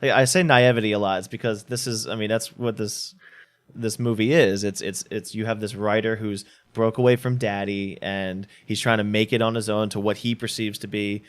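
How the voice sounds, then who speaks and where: Halting, thoughtful man. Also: lowish voice, fairly even intonation. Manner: halting, thoughtful, searching for words. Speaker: podcast co-host. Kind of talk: casual film debate.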